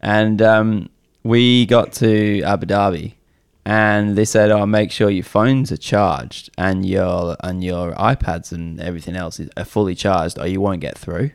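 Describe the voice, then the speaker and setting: A man talks on a casual podcast in a low, gravelly voice. He rambles through his story and often stops with ums and uhs while he looks for a word. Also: fairly even intonation, a little slow. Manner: rambling, searching for words with many ums and uhs. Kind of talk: casual beer podcast chat.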